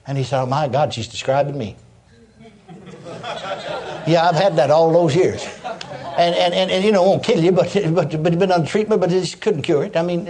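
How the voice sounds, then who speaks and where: An older man preaching a sermon, telling stories with lots of repetition and chuckles. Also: a little high. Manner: animated storytelling with repetitions and laughs.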